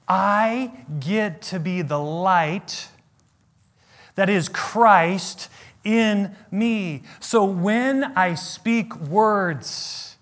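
A man's voice: sits high, drawn-out words, a bit bright. A middle-aged male pastor preaching a sermon in an earnest, emphatic way, asking the listeners questions.

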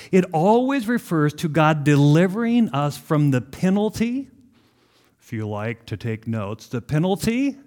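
A man preaching a sermon, asking the congregation questions and answering them himself, slowing down to stress key words. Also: on the high side, darkish tone. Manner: asks the room questions, then answers them. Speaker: pastor.

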